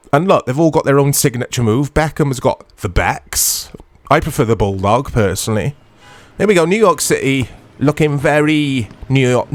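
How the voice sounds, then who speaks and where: A man's voice: medium pitch, no echo. A man hosting a retro gaming channel, giving chatty, self-deprecating commentary to viewers as he plays. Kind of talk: casual gameplay commentary.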